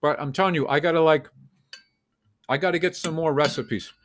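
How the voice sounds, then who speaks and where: A man's voice: on the high side, fairly even intonation, a little fast, a bit bright, slight background noise. A man co-hosting a comedy podcast, telling profane stories animatedly and acting out other people's voices. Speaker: podcast co-host. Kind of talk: casual comedy chat.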